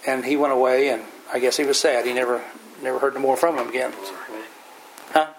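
A man's voice: medium pitch, steady tone, fairly quick, slight background noise, poor audio. A man leading an informal Bible study, telling folksy, plain-spoken stories and explaining scripture verse by verse.

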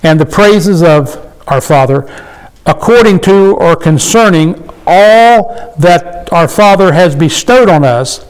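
A man with a fairly high voice leads a casual Bible study. He reads scripture in a slow, deliberate way, then explains it in plain everyday words. He keeps asking his listeners questions. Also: animated, clean tone, rough recording. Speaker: Bible teacher. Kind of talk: informal Bible study teaching.

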